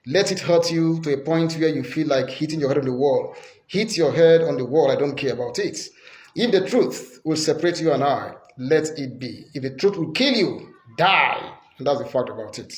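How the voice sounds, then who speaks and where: A man's voice: fairly high pitch, roomy sound, low-quality recording. A Nigerian man giving an impassioned political speech, emphatic and repeating his points with force. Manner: emphatic, repetitive, forceful declarations.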